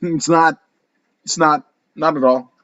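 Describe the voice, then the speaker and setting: High-voiced, profane joking man. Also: fairly even intonation, takes it slowly, a bit bright, lo-fi sound. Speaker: co-host. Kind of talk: casual MMA fight preview chat.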